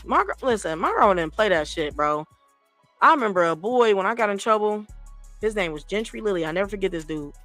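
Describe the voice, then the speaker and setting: A woman host telling childhood stories in casual chat, animated and profane, acting out other people's voices. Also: medium pitch, fast talker, no echo, soft background music.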